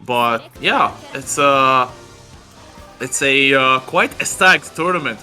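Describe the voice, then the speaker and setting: A man's voice: mid-range voice, slow, pushed and bright, faint music behind. A man co-commentating a fighting game match live, analytical and hesitant with lots of filler words.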